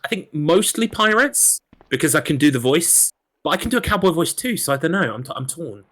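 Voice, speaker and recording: A man talks through his run on a live game stream, rambling and poking fun at himself, swearing as he goes. His voice has a bright, sharp edge to it. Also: fairly high pitch, very animated, a little fast. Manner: rambling, self-deprecating, swears freely. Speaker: speedrun racer. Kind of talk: casual live-stream chat.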